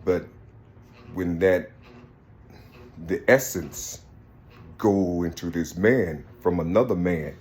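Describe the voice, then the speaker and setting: Low voiced guy rambling thru a spiritual talk real slow, keeps repeating himself. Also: a little mellow. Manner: rambling, repeats "you see" constantly. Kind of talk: spiritual numerology monologue.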